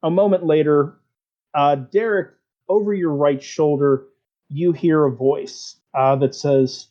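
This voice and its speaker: Man running the game, easygoing, mellow, lo-fi. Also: on the high side, fairly even intonation, takes it slowly. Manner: easygoing, many fillers. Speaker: game master. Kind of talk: narrating a tabletop game. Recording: dull lo-fi sound.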